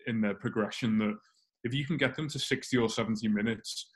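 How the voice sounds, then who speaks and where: A man guest on a football podcast call, animated and argumentative. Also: on the low side, fairly quick. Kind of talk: casual football podcast chat.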